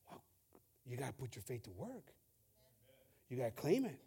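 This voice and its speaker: A male pastor preaching a fervent sermon, stumbling over and repeating words as he builds from quiet reading to loud exhortation. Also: medium pitch, very animated, normal speed, long pauses, husky.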